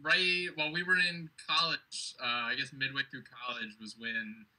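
A man's voice: mid-range voice, flat delivery, normal speed, bright, forceful tone, rough recording. A young man joking with his bandmates on a video call, chuckling between remarks. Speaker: band member. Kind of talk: casual group chat.

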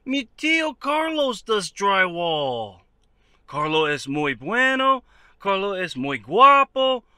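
A man voicing a laid-back, obliging male handyman friend in a mock Mexican Spanish accent, speaking slow, drawn-out broken English with Spanish words mixed in. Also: sits high, sing-song, bright, forceful tone, clear, resonant tone, dry recording, studio quality, heavily acted. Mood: cheerful.

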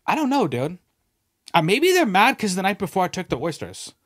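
A man hosting a podcast, telling stories in a casual, animated way, swearing freely and acting out quoted voices. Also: high voice, fairly quick, dry recording, clean studio sound. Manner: animated, profane, peppered with "bro" and "dude". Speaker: podcast host. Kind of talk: casual storytelling chat.

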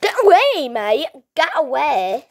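A woman's voice: high-pitched, very animated, slow pace, pitched above the performer's own voice, exaggerated voice. A woman voicing a frightened man who panics and protests shrilly as he pleads not to die. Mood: panicked.

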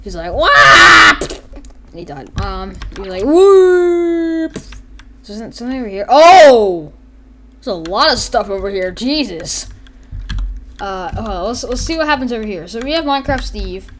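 Excitable woman with a lively, bouncing voice. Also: medium pitch, moderate pace, slight background noise. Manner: excitable, rambling, acts out characters and sound effects. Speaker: gaming YouTuber. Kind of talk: casual gameplay commentary.

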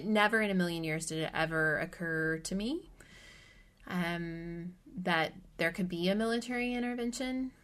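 A middle-aged woman from the American Midwest speaks in a voice sitting a bit low for a woman. She retells her story as a podcast guest, animated and vivid, and now and then sinks into a hushed whisper. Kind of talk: personal storytelling in an interview.

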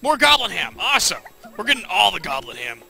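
A man streaming a video game live, chatting playfully with his viewers and reacting loudly to the game. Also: high voice, big pitch swings, fast, creaky, soft background music. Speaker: gaming livestreamer. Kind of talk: casual livestream commentary.

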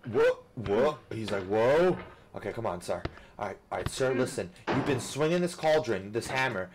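A man's voice: medium pitch, background noise. Foul-mouthed man raging at a game. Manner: loud cursing rants, swinging between yelling and muttering. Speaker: gaming youtuber. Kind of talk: profane rage-game commentary.

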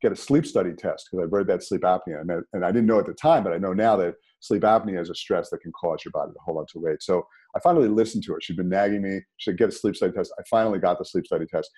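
A man, a podcast guest telling a personal story in a conversational, animated way. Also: low-pitched, quick pace, few pauses, husky. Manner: animated, rises sharply when emphatic.

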